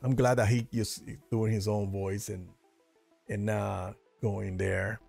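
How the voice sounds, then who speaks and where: A man's voice: lowish voice, flat delivery, slow pace, creaky, a little mellow, breathy edge, faint music behind. A man hosting a casual, profane, rambling commentary show about movie news and trailers. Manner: profane, rambling, laughs often. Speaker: host.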